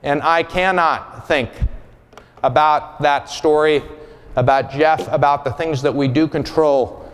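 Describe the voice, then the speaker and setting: A man tells a personal story from a conference stage in a frank, plainspoken way. His voice sits a little high. The sound carries the long reverb of a big hall, picked up on a podium mic. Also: fairly even intonation, unhurried. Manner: candid, storytelling, blunt asides. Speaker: conference speaker. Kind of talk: keynote speech with personal story.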